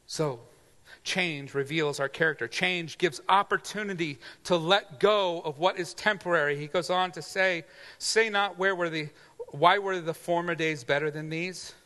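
A man preaching a sermon, animated and conversational, acting out imagined voices as he teaches. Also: normal speed, big-room sound. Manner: animated, acts out imagined voices with big pitch swings. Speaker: pastor.

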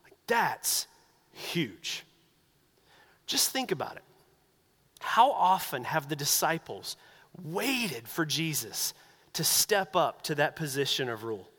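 A man preaching a sermon as pastor, animated and acting out the voices he quotes. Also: fairly high pitch, takes it slowly, long pauses, husky, in a large hall.

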